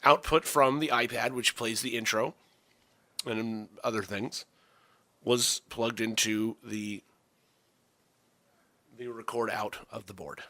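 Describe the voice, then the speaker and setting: A man's voice: medium pitch, steady tone, takes it slowly, pauses often, bright, forceful tone, dry recording. A man co-hosting a casual podcast, ranting profanely and exasperatedly about his week. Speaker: podcast co-host. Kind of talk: casual chat.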